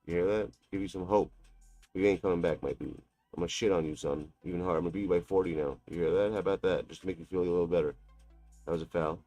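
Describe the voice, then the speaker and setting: A deep-voiced man taunts his online opponent through a live game, mocking and cursing in an easy trash-talking patter. His voice is close and dry, with faint music in the background. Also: steady tone, fast, warm tone, dry recording. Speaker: gaming streamer. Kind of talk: live gameplay trash talk.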